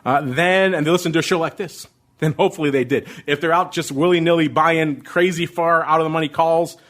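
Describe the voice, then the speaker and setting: A middle-aged man hosting a podcast, answering listener questions about options trading in an excitable, ramped-up way. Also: on the high side. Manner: excitable, fast, ramped-up delivery. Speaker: podcast host.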